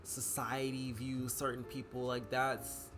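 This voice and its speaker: A man's voice: medium pitch, little pitch movement, unhurried, music in the background. A young man chatting casually in a vlog, rambling with many fillers and restarts. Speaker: vlogger and writer.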